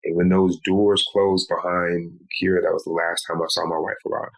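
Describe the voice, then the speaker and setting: A man, a podcast guest, recounting a painful personal story in a slow, measured way. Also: sits low, flat delivery, gravelly, poor audio. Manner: slow, measured telling with pleading quoted lines.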